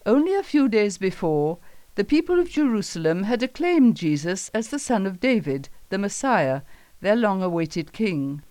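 A woman narrates a Bible story in a calm, measured way. Her voice sits at a middle pitch. The recording is dry and close, with no room sound. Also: dry recording.

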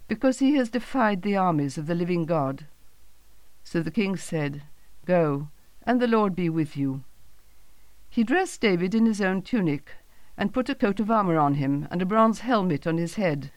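A woman narrating a Bible story in a calm, even storytelling manner, reading the quoted lines in her own voice. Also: mid-range voice, dry recording.

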